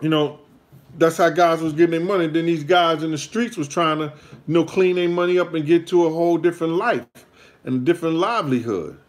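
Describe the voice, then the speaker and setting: A man's voice: fairly high pitch, a little fast. Rambling New man telling a story. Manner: rambling, repeats himself, street slang. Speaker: show host telling a personal story. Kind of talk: casual storytelling monologue.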